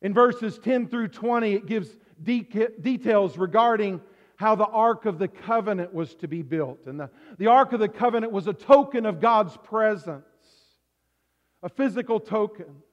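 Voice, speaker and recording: A man preaches to his church in a very high voice, dropping to near hushes and then building to shouts while he calls for amens. The sound carries a long echo in a big hall. The recording is dull and lo-fi. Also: normal speed. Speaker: pastor. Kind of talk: sermon.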